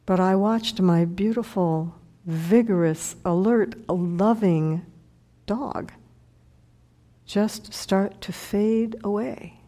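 A woman's voice: mid-range voice, extremely slow, mellow. A middle-aged woman, a meditation teacher, telling a heartfelt personal story in a dharma talk and sometimes dropping to a whisper.

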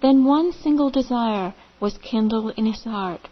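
Slow-telling woman meditation teacher. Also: on the high side, lo-fi sound. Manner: gentle, measured, vivid pauses. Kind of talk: slow storytelling of a parable.

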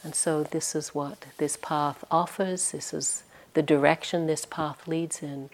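A middle-aged woman meditation teacher giving a gentle, reflective dharma talk on retreat. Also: deep voice, fairly even intonation, a little slow, few pauses, slight background noise.

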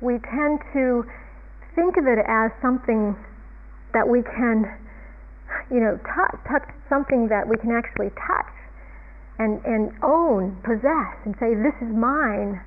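Reflective woman teacher on a tinny line. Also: a little high. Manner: reflective, unhurried, chuckles often. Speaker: meditation teacher. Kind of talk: dharma talk.

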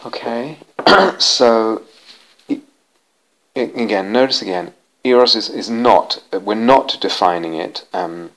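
This man, a meditation teacher, speaks slowly in a lowish, fairly bright voice with lively intonation. He's giving a dharma talk to a retreat group in the meditation hall of a retreat center, hunting for words, repeating key words and frequently starting sentences over. The recording is rough.

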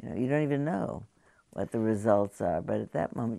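A woman meditation teacher talks to a group in a conversational, halting way, now and then asking her listeners questions. Her voice has a gravelly edge and sits at a middle pitch. The sound is dry and close, with little room echo. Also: animated, warm tone. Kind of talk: dharma talk to a group. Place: meditation hall.

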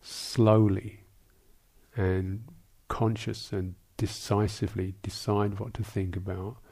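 A Buddhist monk with a gravelly, fairly low voice answers questions in a dharma talk, his tone dark, mellow and level. He speaks thoughtfully and haltingly, restarting phrases and slipping in small asides.

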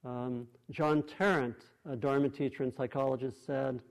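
A man giving a dharma talk in a meditation hall, speaking at a middle pitch. He talks thoughtfully and gently, often pausing and restarting his phrases as he reaches for the right words. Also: fairly even intonation, gravelly. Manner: thoughtful, many restarts and pauses. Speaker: meditation teacher.

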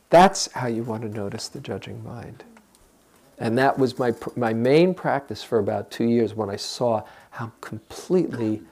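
An older man giving a gentle, reflective dharma talk as a meditation teacher and guiding listeners through a practice. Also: medium pitch.

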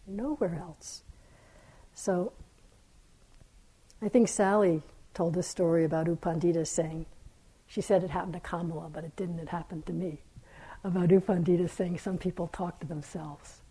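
A woman meditation teacher giving a gentle, reflective dharma talk, her voice sometimes falling to a soft near-whisper. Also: lowish voice, fairly even intonation, normal speed, pauses often, slightly rough, rough recording. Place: meditation hall.

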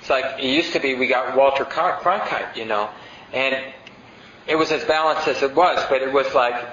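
Meditation teacher guy chatting through a dharma talk, mid pitch, roomy dull recording. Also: moderate pace, fairly bright tone, a little hiss or hum. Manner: conversational, reads passages aloud, asks the audience questions. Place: meditation center hall.

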